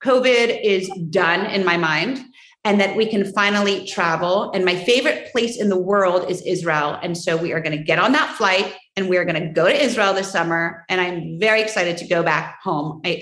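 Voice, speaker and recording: Her voice is on the low side: a woman in her forties, interviewed as a guest, responding in a warm, heartfelt, casual way and becoming emotional quickly, captured in an echoey room on a low-quality recording.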